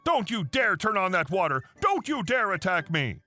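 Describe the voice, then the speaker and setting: A man voicing a screaming, entitled woman neighbor with a shrill, screeching delivery. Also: sing-song, moderate pace, sharp tone, soft background music, exaggerated voice.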